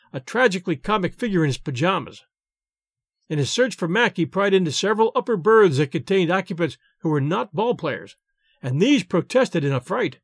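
A man narrating a short story audiobook in an expressive, animated way. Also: high-pitched, no echo, clean studio sound.

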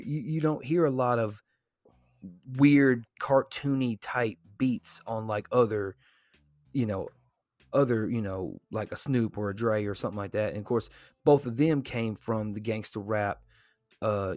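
With a lowish, somewhat mellow voice and a measured pace, this man co-hosts a podcast, chatting casually and wandering off with frequent fillers and restarts. The sound is clean studio audio with no echo.

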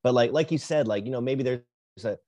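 A man's voice: mid-range voice, a little fast, mellow, no echo. Agreeable man on a dry mic. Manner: agreeable, emphatic, repeats words. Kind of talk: casual podcast chat.

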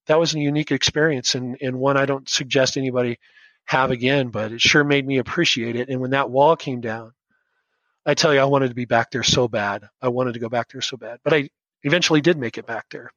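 A man's voice: mid-range voice, fairly even intonation, fairly quick, fairly bright tone, no echo, muffled recording. A man in his fifties, a schoolteacher telling his own story earnestly in a podcast interview, often restarting his sentences. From United States. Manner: earnest, rambling with frequent restarts. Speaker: guest, schoolteacher.

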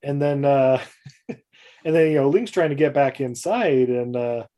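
Mellow-voiced man rambling a movie recap. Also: medium pitch, measured pace. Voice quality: mellow, rambling with many fillers. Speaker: podcast co-host. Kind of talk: casual movie recap chat.

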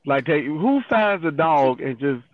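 A man speaks slowly with a lively, rising and falling voice, cracking jokes on a casual podcast. His voice sounds thin and tinny, as if over a phone line. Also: fairly high pitch, a crowd in the background. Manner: joking, drawn-out delivery. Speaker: podcast co-host.

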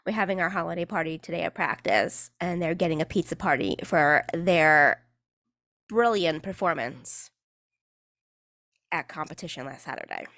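A New York woman hosts her own podcast, chatting casually and sarcastically with lots of fillers and offhand swearing; she's also a cheerleading coach. Her voice is lowish and a bit bright, delivered at a moderate pace. The sound is studio quality with no echo.

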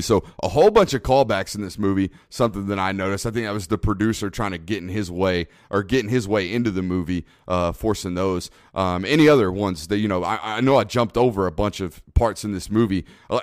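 A man co-hosting a podcast in casual chat, rambling and excitable, often laughing. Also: fairly low pitch, dry recording, clean studio sound. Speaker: podcast co-host.

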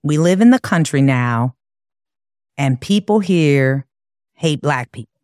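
A woman's voice: deep voice, expressive, slow pace, a little mellow, no room sound, clean studio sound. A woman quoting her blunt older brother. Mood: blunt warning. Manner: blunt, matter-of-fact warning. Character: stern older brother, boy, blunt and warning.

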